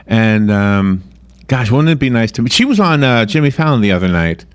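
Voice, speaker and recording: A man from Long Island hosts a radio interview at a middling pitch. He talks in a loose, rambling way, restarting his sentences and filling pauses with "uh" and "gosh.". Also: very animated, smooth. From Long Island, New York. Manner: rambling, chatty, many restarts and fillers. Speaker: radio host.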